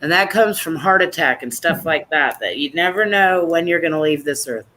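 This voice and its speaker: A woman hosting a support group meeting online, chatting and teasing in a lively, casual way. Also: low voice, moderate pace, slight background noise, rough recording.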